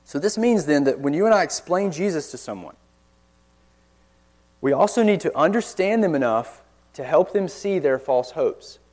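A man preaching a sermon in church, earnest, pressing hard on key words and then dropping suddenly quiet. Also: on the high side, animated, moderate pace. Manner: earnest, forceful emphasis with sudden quiet drops.

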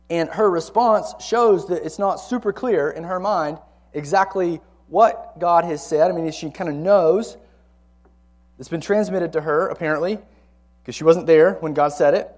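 A man's voice: on the high side, darkish tone. A man teaching a Bible lesson to a college ministry, speaking conversationally and repeating key words for emphasis.

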